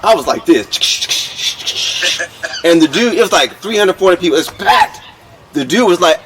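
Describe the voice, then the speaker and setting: A man's voice: on the high side, moderate pace, a little hiss or hum. A man co-hosting a casual podcast chat, telling stories and acting out voices. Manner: animated storyteller, acts out voices. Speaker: podcast co-host.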